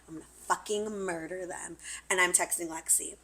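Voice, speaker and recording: A woman's voice: lowish voice, moderate pace, a little hiss or hum, rough recording. A woman in her twenties, co-hosting a casual chat and telling a story with lots of swearing, acting out what she said back then. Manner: animated, swears freely, acts out her own past lines loudly. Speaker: podcast co-host.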